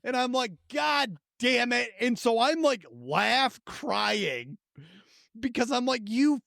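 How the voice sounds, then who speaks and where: A man in his thirties with a high, gravelly voice tells a story with lots of profanity, acting out his own reactions. It is a casual podcast chat recorded close and dry. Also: lively intonation, takes it slowly, a bit bright, no room sound. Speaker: podcast co-host.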